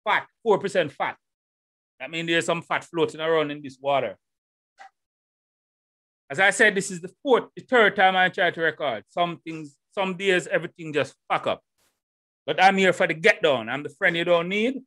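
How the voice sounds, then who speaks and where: A middle-aged Jamaican man hosts his podcast alone, loud and animated, firing rhetorical questions at his listeners. His voice sits fairly high and sounds bright and forceful, recorded dry and close at home. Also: normal speed, no echo. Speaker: podcast host. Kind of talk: casual solo podcast monologue. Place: home room in Holland. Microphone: headphones and desk mic.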